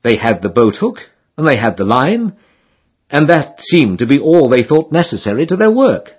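A man's voice: mid-range voice, sing-song, moderate pace, darkish tone, husky, dull audio. A man reading a comic novel aloud in a wry storytelling manner. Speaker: audiobook narrator. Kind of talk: scripted narration of a comic novel.

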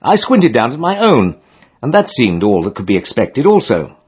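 A man narrating a comic novel in a lively, expressive way with dry humor, in a dull lo-fi recording. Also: medium pitch, normal speed, slightly rough. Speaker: audiobook narrator.

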